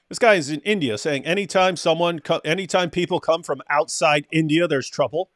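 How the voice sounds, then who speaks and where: A man's voice: fairly high pitch, a little fast, few pauses, fairly bright tone, no room sound, clean studio sound. A man reading a news article aloud and breaking in with sarcastic commentary, mocking the text as he goes. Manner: mocking, reads quotes aloud then interjects.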